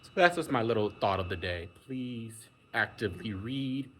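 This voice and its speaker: A man's voice: fairly low pitch, lively intonation, normal speed, fairly bright tone, a little hiss or hum. A man delivering a casual, emphatic monologue rant, exasperated and acting out the people he quotes. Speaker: vlogger.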